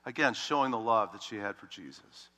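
A male pastor with a strikingly bright, forceful voice preaches with animated storytelling. His emphasis swings from ringing, urgent lines to hushed asides. A long reverb trails every phrase, as if in a large church. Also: lowish voice, fairly quick. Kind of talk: sermon.

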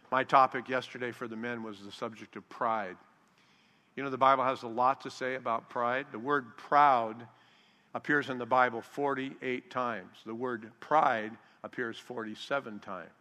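Male pastor, sermon delivery, drawn-out scripture readings, reverberant hall sound. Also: medium pitch, sharp tone. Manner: slows down for scripture quotes, acts out disciples' voices. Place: large hall with long reverb.

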